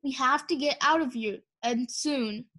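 A bold young female sea dragon, quick to talk back, as a woman reads her. Her voice is firm and defiant in this storybook telling. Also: sits high, fairly bright tone, dry recording. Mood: determined. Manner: bristling, talks back.

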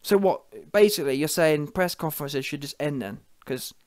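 A man's voice: a little high, normal speed, dry recording, clean studio sound. A young man ranting in a boxing commentary video, mocking and confrontational, often mimicking rivals' fans in sing-song voices.

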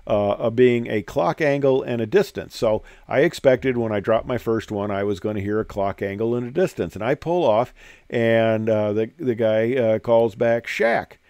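Speaking at a normal pace in a mellow, clear, resonant mid-pitched voice with no echo, this retired military pilot wanders through stories over his slides. He's an older man who leans heavily on fillers as he rambles.

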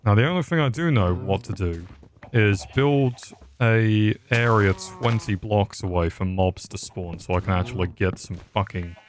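A man's voice: on the low side, moderate pace, slight background noise. A young man giving sarcastic, rambling commentary over a game, swearing often. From England. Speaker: gaming YouTuber. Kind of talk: casual gameplay commentary.

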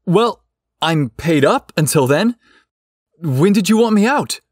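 A man voicing a shy, flustered young man who exclaims in a high, breathless rush. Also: animated, slow pace, dry recording, studio quality, full character voice. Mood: eager.

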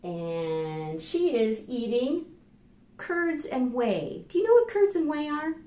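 A woman children's librarian leading a storytime, animated and sing-song, talking encouragingly to young kids and their grown-ups. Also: high voice, slow. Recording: roomy room echo.

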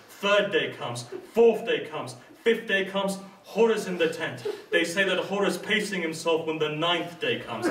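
A man's voice: on the high side, a bit bright, slight background noise. A British man preaching a sermon, telling a story dramatically and voicing each figure in turn. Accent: British English. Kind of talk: majlis sermon narration. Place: mosque hall. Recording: echoey hall, distant mic.

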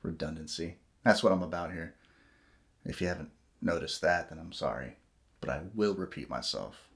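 A man's voice: sits low, moderate pace, creaky, a bit bright. Ranting male vlogger. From United States. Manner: heated, profane ranting with tangents and mocking quoted voices. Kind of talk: ranting solo vlog.

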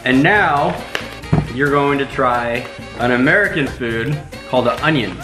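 A man's voice: medium pitch, measured pace. A man hosting a casual family vlog taste test, teasing and announcing each round like a game show. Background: background music.

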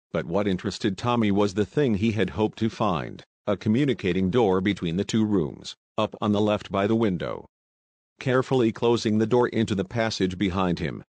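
Low, dry male audiobook narrator. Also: darkish tone, dry recording. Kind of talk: scripted narration.

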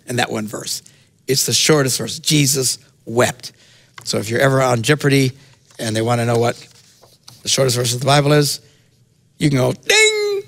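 A man preaching a sermon as pastor, telling the story with lively jokes and sudden shouted bursts. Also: fairly high pitch, gravelly. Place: church sanctuary.

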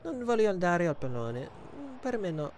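A man putting on the voice of a fragile old Italian man, a goalkeeper who politely refuses, speaking in a shaky, halting way with a put-on Italian lilt. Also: high voice, sing-song, darkish tone, slight background noise, pitched above the performer's own voice.

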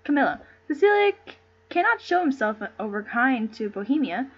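A woman's voice: high voice, very animated, moderate pace, dull audio, a little hiss or hum. A woman reading aloud the part of a loyal male courtier who speaks in ornate verse, stumbling now and then over the words. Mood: earnest. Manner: plain read-aloud delivery with stumbles.

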